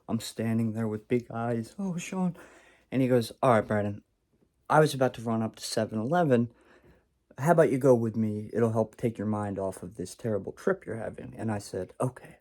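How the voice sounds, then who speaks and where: A young man casually telling a personal story and acting out what he and his brother said. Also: medium pitch. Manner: animated, acts out quotes of himself and his brother.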